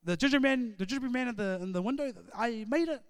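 A man's voice: very high-pitched, fast, clean tone, pitched above the performer's own voice. A man preaching a sermon voices an eager, stammering little girl who pleads to get her baking back. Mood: pleading. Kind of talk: sermon storytelling.

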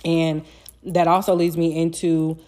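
A woman's voice: low-pitched, flat delivery, a little slow, mellow. A young adult woman hosting her own podcast, talking candidly and casually in a chatty, profane solo monologue. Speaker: podcast host.

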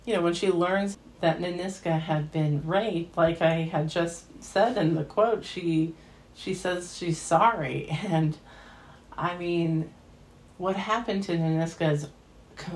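Brief: female podcast host, low voice, unhurried, emotional film recap. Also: darkish tone. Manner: emotional, gushing, slow and deliberate. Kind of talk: casual film review monologue.

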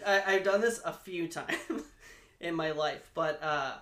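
Male podcast co-host, brightish and a bit high, loose and profane, echoey room. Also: slow pace. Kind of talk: casual beer-tasting banter.

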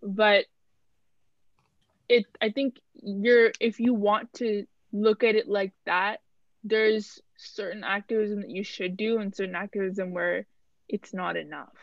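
A young woman co-hosting a podcast, talking in a casual, animated way with lots of fillers. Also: mid-range voice, measured pace, no room sound. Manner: animated, chatty, many fillers. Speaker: podcast co-host. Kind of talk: casual chat. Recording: dull lo-fi dry sound.

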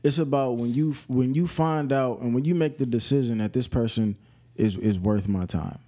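A man in casual podcast chat who speaks earnestly and haltingly, often repeating words as he works out his point. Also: medium pitch, warm tone.

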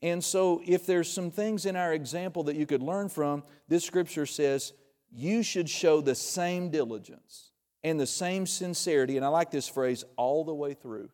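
A man preaching a sermon in a church, conversational and joking, with sudden loud bursts. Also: fairly high pitch, normal speed. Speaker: pastor. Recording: long reverb of a large hall.

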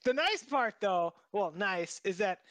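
A man co-hosting a podcast, telling stories in a casual, animated way and laughing between phrases. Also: high voice, a little slow, no echo. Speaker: podcast co-host. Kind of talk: casual storytelling chat.

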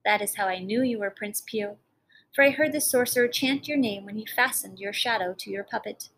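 A woman voicing a gentle, brave young girl held captive by a sorcerer, speaking softly and earnestly. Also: mid-range voice, fairly quick, poor audio. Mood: comforting.

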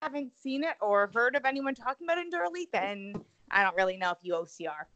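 A woman's voice: fairly high pitch, sing-song, quick pace, fairly bright tone, muffled recording, slight background noise. A woman co-hosting a podcast in casual, upbeat chat full of fillers. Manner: chatty, upbeat, filler-heavy. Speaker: podcast co-host.

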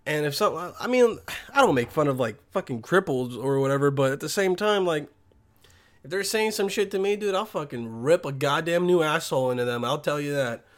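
Guy ranting solo, swears constantly, keeps losing his train of thought, kinda high voice. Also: animated, a little fast. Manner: crude, rambling, loses his thread, heavy swearing; blunt and combative. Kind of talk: profane rambling monologue.

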